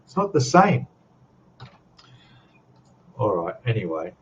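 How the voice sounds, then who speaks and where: An older Australian man hosts a casual livestream chat, rambling, chuckling often, and reading viewer comments aloud. His lowish voice swings hugely in pitch at a slow pace, and the sound is lo-fi.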